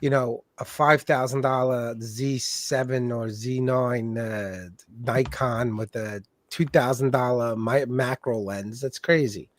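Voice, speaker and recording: A man co-hosting a livestream chat, excitable and teasing, often restarting his sentences. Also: mid-range voice, slow, few pauses, no room sound.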